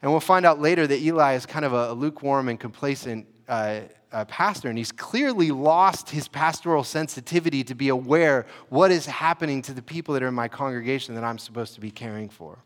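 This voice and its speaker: A man preaching a sermon in a relaxed, conversational way, often saying "you know" and restarting his sentences. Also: medium pitch, fairly quick, hardly any pauses, in a large hall. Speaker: pastor.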